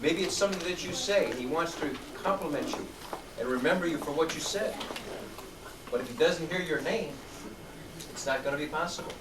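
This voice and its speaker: A man's voice: a little high, a little fast. Brief: middle-aged male youth instructor, encouraging, heard from far off in an echoey, noisy room. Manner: upbeat, encouraging, calls out to students. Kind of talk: classroom coaching. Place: large room with student tables.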